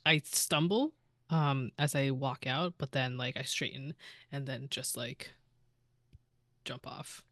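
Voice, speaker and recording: Hesitant low-voiced woman player. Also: takes it slowly, pauses often, fairly bright tone, no room sound. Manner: hesitant, many fillers and giggles. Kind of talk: casual tabletop game play.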